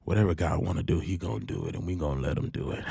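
A man hosting a late-night solo faith podcast, preaching earnestly and shifting between fervent and quiet, intimate delivery. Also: rumbling low, lively intonation, fast talker, creaky, husky, no echo, clean studio sound. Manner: earnest preaching, gets worked up then goes quiet and intimate. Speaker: podcast host.

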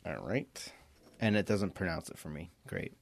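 A young man chatting on a podcast, quick with a joke or a teasing jab. His pitch swings widely as he talks, which keeps his speech animated. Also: creaky. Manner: joking, teasing, laughing. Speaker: podcast co-host. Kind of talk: casual chat.

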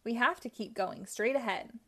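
A woman's voice: fairly high pitch, normal speed, a bit bright. A woman voicing bumbling, whiny male ghosts in a children's story. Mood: whiny scheming.

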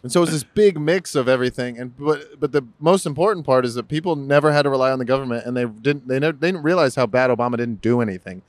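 A man's voice: mid-range voice, fast talker, hardly any pauses, dry recording. Male podcast co-host, casual and profane, rambling, dry close-mic sound. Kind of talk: casual political chat.

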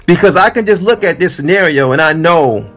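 A man with a fairly high voice delivers preachy commentary. He talks emphatically and drives each point home through repetition. Faint music runs in the background. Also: lively intonation, brisk, fairly bright tone. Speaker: commentary vlogger.

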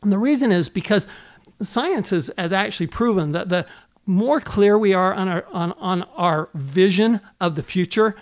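A man's voice: high-pitched, moderate pace. A man who is an accountant hosting a podcast, talking in an earnest coaching way and firing off rhetorical questions. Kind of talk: motivational podcast talk.

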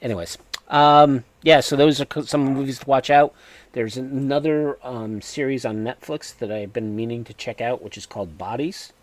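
A man with a New England accent, co-hosting a podcast in casual chat, talking hesitantly with many filler pauses. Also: mid-range voice. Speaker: podcast co-host.

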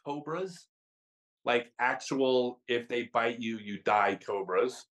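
A man who is a podcast guest and tells chatty, animated stories with frequent restarts. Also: mid-range voice, slow pace. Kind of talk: casual storytelling.

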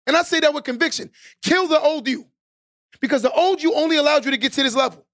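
A man hosting a podcast, delivering an emphatic, preachy motivational monologue that repeats key lines and builds to shouted exhortations. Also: extremely high pitch, fast talker. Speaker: podcast host.

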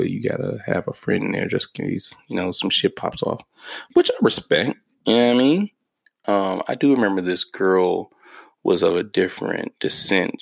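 A low-voiced man in his thirties with a gravelly, fry-heavy edge, hosting his own podcast. He tells his stories in a loose, joking, laid-back way, swearing freely. The sound is close and dry. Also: no echo. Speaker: podcast host. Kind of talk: casual solo podcast storytelling.

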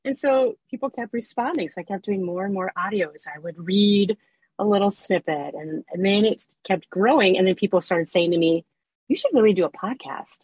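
Chatty husky woman, erotica narrator guest. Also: medium pitch, normal speed, no room sound, poor audio. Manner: chatty, animated storytelling with fillers and laughs. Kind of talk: casual interview chat.

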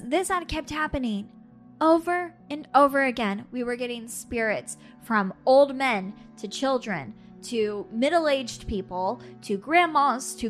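A woman co-hosting a podcast, telling a personal story in casual chat. She laughs often and acts out her own past lines with lively energy. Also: high voice. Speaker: podcast co-host.

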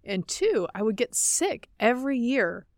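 A woman's voice: on the high side, big pitch swings, measured pace, no echo, studio quality. A woman from North Carolina and Georgia hosting a podcast, chatting casually and laughing easily. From North Carolina and Georgia, USA. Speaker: podcast host. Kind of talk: casual chat.

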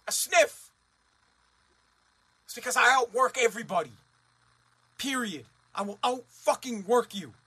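A man's voice: very high-pitched, animated, normal speed, sharp tone, husky. A man ranting as a talk radio host, blunt, profane and fired up.

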